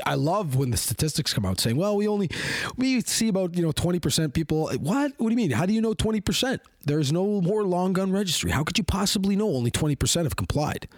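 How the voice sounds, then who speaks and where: A man's voice: fairly high pitch, very animated, fast talker, few pauses, no echo. Heated, rambling man. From Canada. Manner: rambling and heated, heavy with fillers. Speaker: podcast host. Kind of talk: opinionated monologue.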